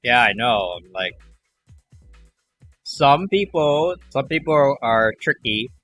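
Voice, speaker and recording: Bright-voiced young man chatting on stream. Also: mid-range voice, very animated, slow pace, soft background music. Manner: rambling, acts out callers in quoted voices. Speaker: livestream host. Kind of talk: casual chat to a stream audience.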